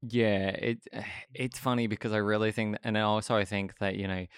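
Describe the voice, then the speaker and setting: A man's voice: on the low side, little pitch movement, moderate pace, clear, resonant tone, no echo, clean studio sound. A man with an Australian accent chatting casually in a genteel, rambling way full of fillers. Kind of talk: casual chat.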